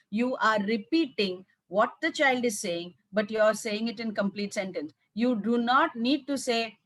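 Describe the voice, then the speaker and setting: A woman's voice: a little high, moderate pace, few pauses, a bit bright, no echo. A woman from South India with a Tamil accent, giving an emphatic teacher training talk and acting out classroom exchanges. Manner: emphatic, repeats words, acts out classroom dialogues.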